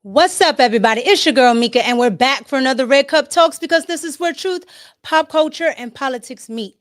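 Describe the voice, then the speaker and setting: Woman host, D.C. accent, slightly high voice, chatty and laughing with her chat. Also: animated, fairly quick. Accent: Washington D.C. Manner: chatty, greets viewers by name, laughs often. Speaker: podcast host. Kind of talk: casual livestream chat.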